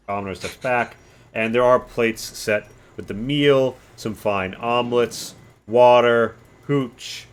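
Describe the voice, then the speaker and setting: A man acting as game master narrates a tabletop game in a relaxed, rambling style full of fillers. His voice is medium-pitched, slow, and clean in tone.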